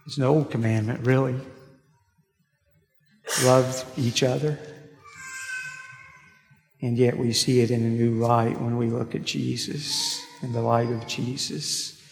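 A man preaching a sermon, telling stories with slow, deliberate pauses, recorded in a church sanctuary. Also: mid-range voice, little pitch movement, vocal fry, faint music behind. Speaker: pastor. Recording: echoey hall, long reverb.

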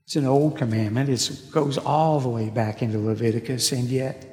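A man preaching a sermon, telling stories with slow, deliberate pauses, recorded in a church sanctuary. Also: mid-range voice, fairly even intonation, warm tone. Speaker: pastor. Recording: echoey hall, long reverb.

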